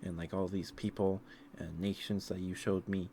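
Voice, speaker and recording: A man voicing Moses as a blunt, slightly whiny man, louder and higher than his own low voice. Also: little pitch movement, normal speed, a little hiss or hum, lightly acted. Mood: earnest, asking.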